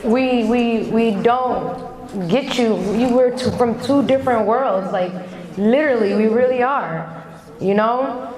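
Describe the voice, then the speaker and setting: Speaking slowly in a fairly high, slightly mellow voice, a motivational speaker from Somalia, in her thirties, talks frankly and chattily to young people. She mimics the voices of family and friends, and the sound echoes around a hall.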